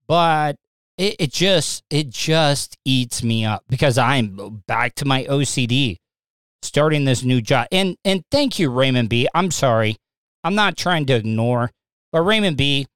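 A man's voice: medium pitch, fairly bright tone, smooth, no room sound. A man hosting his own live stream, talking casually and rambling, with stammering restarts and flashes of agitation. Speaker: live stream podcast host. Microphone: streaming setup mic.

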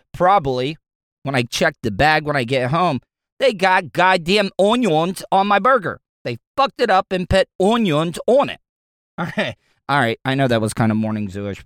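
A man hosting a podcast in a casual, rambling, excitable way, with frequent swearing. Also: mid-range voice, no room sound, clean studio sound. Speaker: podcast host.

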